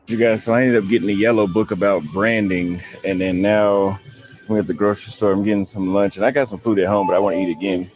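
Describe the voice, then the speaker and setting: Travel vlogger, man, low voice, relaxed and matter-of-fact. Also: fast. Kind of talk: casual vlog narration.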